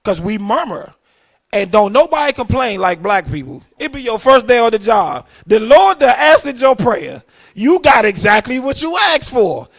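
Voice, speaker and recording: A male preacher shouts his points in punchy bursts. His voice is very high for a man and swings widely in pitch. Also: sing-song, moderate pace. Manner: loud, shouting, punchy delivery. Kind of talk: comedic sermon teaching.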